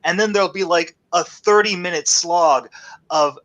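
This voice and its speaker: A man's voice: high-pitched, moderate pace, fairly bright tone. A man in casual chat, reviewing a cheap horror movie with a co-host, loose and laughing often. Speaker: podcast co-host.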